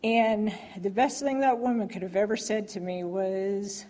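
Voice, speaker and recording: Woman, mid-pitched voice, heartfelt, meandering church testimony. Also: steady tone, measured pace, warm tone. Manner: rambling and heartfelt, full of fillers and restarts. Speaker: church member giving testimony.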